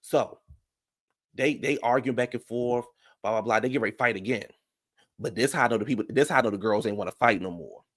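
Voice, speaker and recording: A man's voice: medium pitch, a little fast, no room sound, clean studio sound. A man hosting a reality-show recap channel, telling a story casually and animatedly to his viewers, calling them "y'all". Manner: animated, chatty, addresses viewers as "y'all" and "baby".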